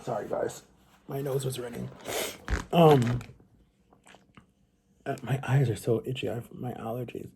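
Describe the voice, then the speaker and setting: A man's voice: mid-range voice, steady tone, measured pace, vocal fry, pauses often, warm tone, breathy edge. A man vlogger telling a long personal story to his viewers in a rambling, chatty way. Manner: rambling, chatty, often addresses viewers as guys.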